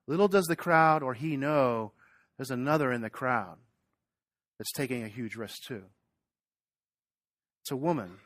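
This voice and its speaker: A man's voice: medium pitch, dry recording. A man preaching a sermon, retelling a story in a conversational way and asking the congregation questions. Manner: animated retelling with acted quotes. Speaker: pastor.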